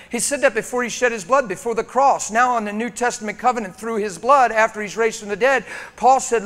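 A male preacher giving an emotional sermon to a congregation, moving between loud, urgent exhortation and hushed intensity. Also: high-pitched, fairly quick, hardly any pauses. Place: church meeting room before a congregation.

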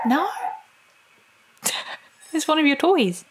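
A woman's voice: on the high side, big pitch swings, extremely slow, long pauses, background noise. A woman filming and talking to her dog at home, coaxing and playful, laughing often. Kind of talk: casual talk to a dog.

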